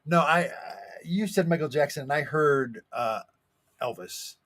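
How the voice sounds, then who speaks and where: A man's voice: fairly high pitch, measured pace, a bit bright. A man co-hosting a live stream, talking in a hesitant, dry way with lots of fillers. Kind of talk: casual comedic chat.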